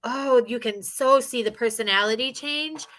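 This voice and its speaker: A woman gives casual commentary in a bright, forward voice, often pausing on fillers and restarting her sentences. Her pitch sits a little high. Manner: hesitant, many fillers and restarts.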